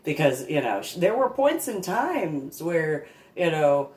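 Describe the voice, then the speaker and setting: A woman's voice: deep voice, very animated, takes it slowly, a little mellow. A woman in her forties, a reverend, rambling through a personal story with sarcastic asides and repeated words. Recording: echoey room.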